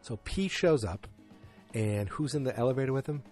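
A man's voice: medium pitch, animated, normal speed, darkish tone, soft background music. A man hosting a podcast, recapping a TV episode in a casual, rambling and enthusiastic way. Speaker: podcast host.

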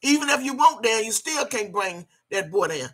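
An older woman delivers a heated rant straight at someone she disapproves of. Her voice is sharp and forceful, and she curses freely and repeats phrases over and over to drive her points home. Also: on the high side, big pitch swings, normal speed, husky. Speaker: video blogger. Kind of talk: ranting commentary.

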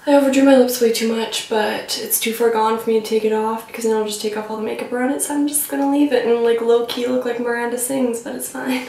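A young beauty vlogger rambles through a chatty makeup tutorial, teasing herself and using plenty of fillers. Her voice is on the high side, steady, fairly quick, gravelly and a little mellow, recorded at a distance in an echoey room.

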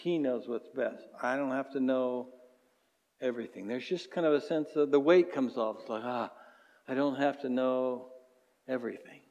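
A man preaching a sermon as pastor, animated and chuckling often, acting out little voices. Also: medium pitch, moderate pace, dull audio. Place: church sanctuary. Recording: church hall reverb.

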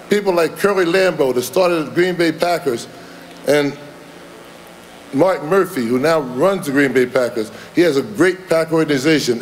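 Older man giving a folksy, rambling speech. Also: on the high side. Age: 70s. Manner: folksy, rambling, chuckling at his own jokes. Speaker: Hall of Fame inductee. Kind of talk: induction speech. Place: large hall with audience.

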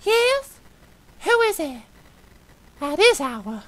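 A man voicing female game characters in an exaggerated falsetto while reading dialogue aloud. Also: big pitch swings, very slow, a bit bright, full character voice. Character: high-pitched woman, a game character's voice.

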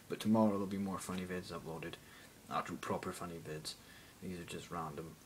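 A man's voice: deep voice, slight background noise, rough recording. A teenage boy rambling jokily into a phone camera, going off on random tangents. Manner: random, jokey, self-mocking, mutters asides. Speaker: vlogger. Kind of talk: rambling casual vlog.

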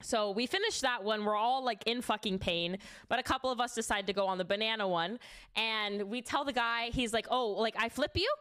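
A young woman telling a funny story in casual chat, animated, full of "like" fillers and swearing. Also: a little high, fairly quick, smooth. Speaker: streamer.

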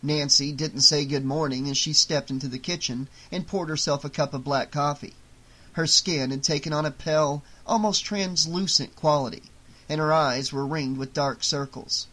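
An audiobook narrator reading a novel aloud in a steady storytelling manner. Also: medium pitch, moderate pace.

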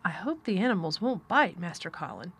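A timid household nurse, easily startled and nervously deferential toward her young master, read by a woman in an audiobook. She speaks with quiet, anxious politeness. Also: on the low side, big pitch swings, a little fast, breathy edge, exaggerated voice.

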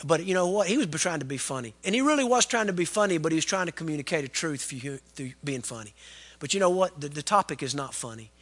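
A man, preaching a sermon as pastor in an animated, folksy storytelling way. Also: fairly high pitch, fast, slightly rough. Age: 40s.

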